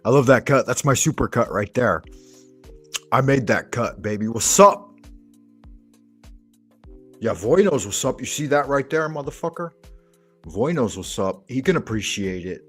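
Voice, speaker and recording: A man's voice: mid-range voice, expressive, normal speed, pauses often, fairly bright tone, slightly rough, faint music behind. A man hosting a livestream, chatting casually with viewers in crude, profane banter. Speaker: livestream host.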